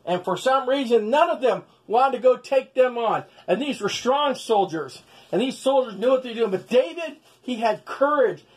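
A man's voice: extremely high pitch, expressive, normal speed, few pauses, husky. A man telling a Bible story as a children's lesson with stuffed animals, folksy and full of sound effects. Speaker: storyteller teaching children's values.

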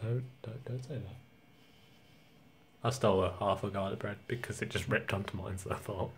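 A man's voice: on the low side, steady tone, moderate pace, a little hiss or hum. A young man talks loosely in a casual home vlog, rambling from one thing to the next. He jokes around and swears freely. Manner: rambling, joking, swears a lot. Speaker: vlogger.

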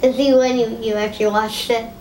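A high-voiced woman chats at home as she decorates a tree, pausing often with ums. The room sounds echoey, with a faint hiss behind her. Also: level tone, a little mellow. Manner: chatty, hesitant with many ums. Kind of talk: casual home vlog chat. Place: home living room indoors.

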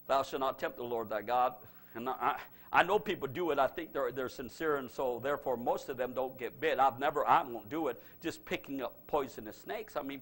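A middle-aged male pastor preaches a revival sermon in a bright, forceful voice that sits a little high. His delivery is very animated, climbing to loud exclamations and then sinking into low, confiding asides. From United States.

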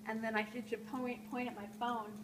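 Lady hosting a live art call-in show, kinda high voice, rambles and trails off, lots of room noise. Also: flat delivery, fairly quick. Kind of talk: live stream chat while drawing. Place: art gallery, indoors. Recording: noisy live stream room.

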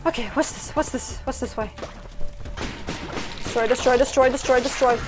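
A woman streaming a video game live, reacting loudly and often while she plays. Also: sits high, moderate pace. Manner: excitable, frequent exclamations while playing. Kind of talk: live gameplay commentary. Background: game music.

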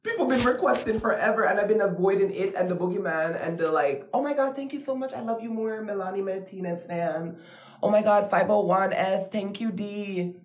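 A nervous, theatrical man chatting on a phone live stream, his voice sitting a little high. The sound is echoey and dull, picked up by a phone leaning against a mirror. He swings between jittery fear and gushing thanks to his viewers. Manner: dramatic, jittery, gushes at viewers. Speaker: livestream host. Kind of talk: casual live-stream chat. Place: dim room at home at night. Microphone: phone propped against a mirror.

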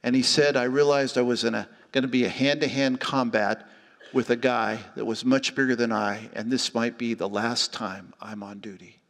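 A middle-aged man preaching a sermon as pastor, telling stories with lively acted-out voices. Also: medium pitch, moderate pace. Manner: animated storytelling, acting out voices. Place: church hall. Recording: church hall reverb with faint music.

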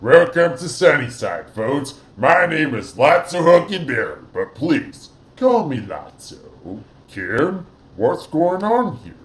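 A man's voice: a little high, sing-song, slow, few pauses, fairly bright tone, pitched below the performer's own voice, heavily acted. Lotso, a man doing a folksy teddy bear. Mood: welcoming. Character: folksy, falsely kindly old male teddy bear. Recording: roomy echo.

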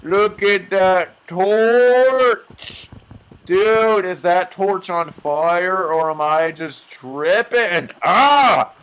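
A man's voice: high voice, animated, drawn-out words, fairly bright tone, clear, resonant tone, pitched above the performer's own voice, heavily acted, low-quality recording. A man putting on the voice of a drunk, stumbling game villager who gasps at everything. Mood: dazed. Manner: slurring, spaced-out, gasping at things. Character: dazed drunk male villager creature stumbling around.

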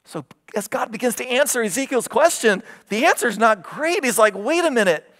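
Preaching to his congregation at a normal speed, a pastor climbs in pitch while retelling a scripture story and sinks low for emphasis, delivering it all expressively.

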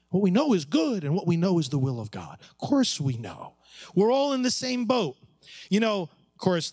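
A priest preaching at a conference, emphatic and preacherly, asking rhetorical questions and repeating key phrases. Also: male voice, on the high side, darkish tone, dry recording, clean studio sound. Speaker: priest addressing a pro-life conference.

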